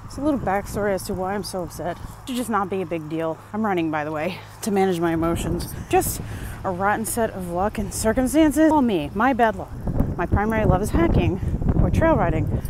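A woman's voice: mid-range voice, animated, brisk, background noise. A woman vlogging in a casual chat, talking in a chatty, exasperated and self-mocking way.

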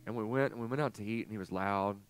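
A pastor in his forties preaching a sermon, telling a personal story with animated swings from hushed to loud. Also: on the low side, quick pace, faint music behind. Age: 40s. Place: church sanctuary.

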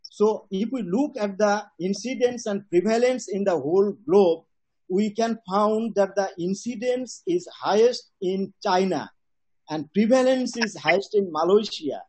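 A middle-aged man giving an academic cardiology lecture in a steady lecturing manner with some fillers. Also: high-pitched, unhurried, breathy edge, low-quality recording. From Bangladesh.

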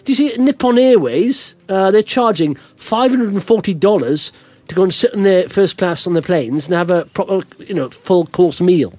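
A man with a high, very lively voice chats as a podcast host, ranting with big swings and frequent laughs. His voice is close and dry, with no room around it. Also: moderate pace, no echo. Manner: animated ranting, laughs often. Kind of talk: casual chat.

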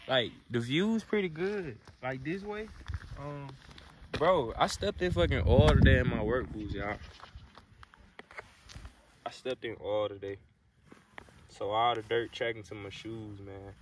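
A young man with a drawl talks in a loose, rambling, profane way, mid-pitched. He's recording on a phone outside, with plenty of wind and road noise behind him. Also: normal speed, pauses often, poor audio. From Alabama, US. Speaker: vlogger. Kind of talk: casual chat. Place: outdoors in rural desert. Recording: outdoor phone video with noise.

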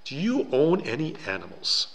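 A man voicing a calm, wise minister who gives measured advice. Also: fairly high pitch, vocal fry, in a large hall, voice pushed up, exaggerated voice.

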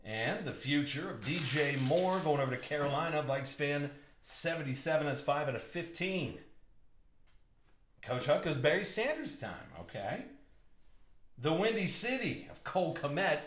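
A man's voice: a little high, very animated, normal speed, a bit bright. A man hosting a live trading card break, bantering and joking with chat viewers as he reads out the hits. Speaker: box break host. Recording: echoey room with faint noise.

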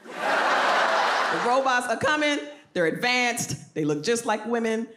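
A woman's voice: a little high, expressive, takes it slowly, reverberant, heavy background noise. A woman doing stand-up comedy in a blunt, exasperated and profane way. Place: stage before a live audience.

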